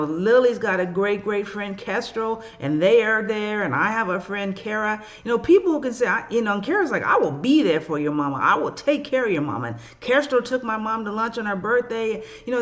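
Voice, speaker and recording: An animated spiritual reader teaching casually. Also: mid-range voice, highs cut off. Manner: emotional, animated, acts out biblical figures in slangy voices.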